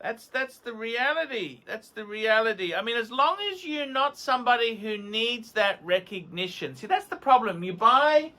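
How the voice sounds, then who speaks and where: Excitable man, high bright voice. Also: moderate pace, few pauses. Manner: enthusiastic, rambling, repeats words for emphasis. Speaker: watch reviewer. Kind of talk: casual video review.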